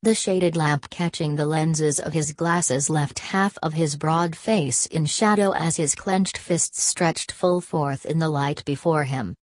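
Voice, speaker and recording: A woman narrating an audiobook in an even, measured reading. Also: low voice, no room sound.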